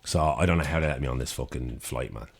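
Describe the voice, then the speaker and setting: A young Dublin man with a very deep voice tells a rowdy story on a podcast, swearing freely and acting out the voices of the people in it. His Irish accent comes through in every line. The talk is loose and chatty. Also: quick pace, vocal fry, husky. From Ireland. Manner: animated, profane storyteller acting out quotes. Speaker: podcast co-host. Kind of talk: casual chat, storytelling. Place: city studio with door open.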